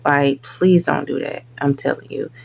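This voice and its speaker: Earnest woman warning viewers, low voice. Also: steady tone, moderate pace, vocal fry, darkish tone. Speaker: reaction video host. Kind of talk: casual reaction commentary.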